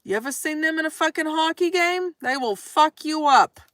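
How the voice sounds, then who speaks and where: A young woman chats on a late-night live stream in a high voice, hamming it up as she reads comments aloud. The sound is close and dry, with no room around her. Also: expressive, moderate pace, fairly bright tone, no echo. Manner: playful and theatrical, reading chat aloud, exclaiming often.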